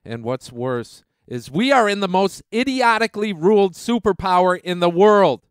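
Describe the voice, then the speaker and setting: A male radio host rants through political commentary in a sarcastic, mocking tone. His smooth, slightly high voice swings widely in pitch, and the sound is close and dry. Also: lively intonation, moderate pace, no echo.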